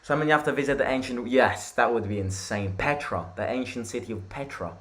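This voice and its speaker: A young Italian man hosting a live football watchalong, chatting with viewers and reacting loudly to the play. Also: mid-range voice, brisk. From Italy. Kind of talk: live match watchalong commentary.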